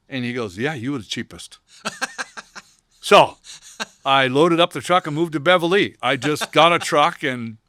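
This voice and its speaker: Roofer telling animated stories. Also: male voice, fairly high pitch, measured pace, pauses often, no echo, clean studio sound. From Boston area. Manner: animated storyteller who acts out quoted people. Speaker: roofing company owner, guest. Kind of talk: casual storytelling interview.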